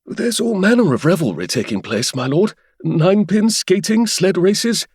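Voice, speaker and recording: Guy putting on a jittery young butler, way higher voice, stumbles over words, bit low-toned overall. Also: normal speed, husky, no room sound, clean studio sound, exaggerated voice. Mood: excited. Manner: stammering, excitable. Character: young male butler, nervous then eager.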